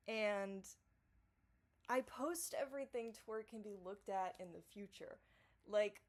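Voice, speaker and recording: A woman rambling in a casual vlog monologue, profane and scattered, dropping to mumbles and then rising into loud excited bursts. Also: medium pitch, unhurried. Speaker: vlogger. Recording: distorted audio.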